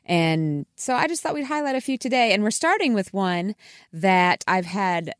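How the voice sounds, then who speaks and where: A woman's voice: medium pitch, big pitch swings, normal speed, no room sound, clean studio sound. A woman co-hosting a casual radio chat, rambling with asides and laughing easily. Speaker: podcast co-host. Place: radio studio.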